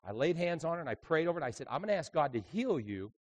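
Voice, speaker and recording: A man, a traveling evangelist, preaching a sermon full of lively stories, dropping to quiet asides and then rising into loud, emphatic bursts. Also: a little high, quick pace. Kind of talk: sermon with storytelling.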